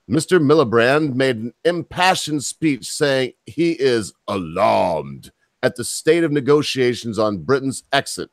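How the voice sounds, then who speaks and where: A man from the United States hosts a casual talk show, reading the news and cutting in with crude, scornful remarks. His voice sits at an ordinary middle pitch. The sound is dry and close, with no room around it. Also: dry recording. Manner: blunt, mocking, with crude asides. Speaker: podcast host.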